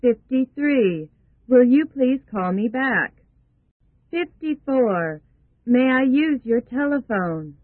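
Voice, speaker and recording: A woman reading a numbered list of phrases for learners in slow, careful, even delivery. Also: high-pitched, dry recording. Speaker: English phrase reader. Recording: tinny phone-like sound.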